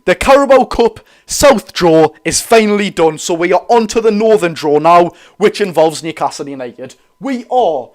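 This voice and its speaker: Excitable young Geordie lad, slightly high voice. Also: male voice. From North East England. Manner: excitable, rambling, quick to apologise. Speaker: football fan streamer. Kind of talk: live watch-along chat. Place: room at his dad's house.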